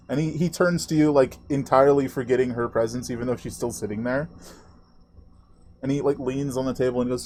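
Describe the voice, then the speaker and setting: A man narrating as game master of a tabletop game, halting and full of fillers. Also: medium pitch, fairly even intonation, darkish tone.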